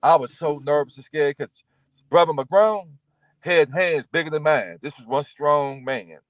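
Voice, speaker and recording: A man's voice: on the high side, measured pace, no echo. A man in his fifties telling stories in a casual chat, acting out the people in them. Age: 50s.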